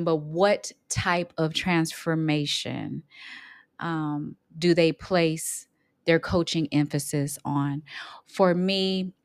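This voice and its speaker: A middle-aged woman, an emotional intelligence coach, talking on her own podcast, unhurried, repeating her points for emphasis. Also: lowish voice, smooth, dry recording, clean studio sound. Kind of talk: solo podcast talk.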